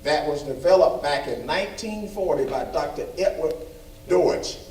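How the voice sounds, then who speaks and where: A man with a fairly high voice gives a folksy, emphatic report at a school board meeting, leaning on repeated phrases to make his points. He sits well back from the microphone. The room is echoey, with a faint hum behind him. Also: animated, normal speed, darkish tone. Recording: echoey room, far from mic.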